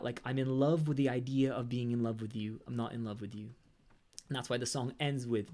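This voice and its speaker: Reflective rock singer chatting on a livestream. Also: male voice, mid-range voice, darkish tone. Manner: reflective, rambling, with bursts of sung lines. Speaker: lead singer of a rock band, vlogger. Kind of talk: casual livestream chat.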